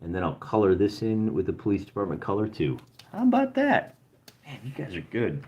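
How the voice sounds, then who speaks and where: Lively man thinking aloud through a game. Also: lowish voice, fairly quick, dull audio. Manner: thinks aloud, chats with live chat. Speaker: host playing a solo journaling game. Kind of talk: casual let's-play narration.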